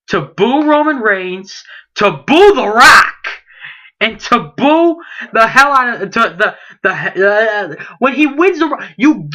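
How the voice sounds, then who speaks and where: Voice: medium pitch, pushed and bright. A late-teen wrestling vlogger in a heated, indignant rant, firing off rhetorical questions and repeating himself. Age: late teens.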